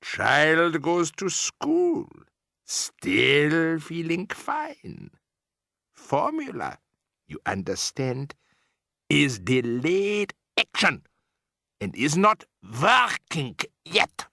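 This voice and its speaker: A man voicing a shrill, gloating witch queen. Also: huge pitch swings, drawn-out words, vocal fry, dry recording, heavily acted. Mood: scheming. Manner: shrill triumphant shouting, broken grammar. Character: gloating, ruthless female witch leader. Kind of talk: audiobook character voice.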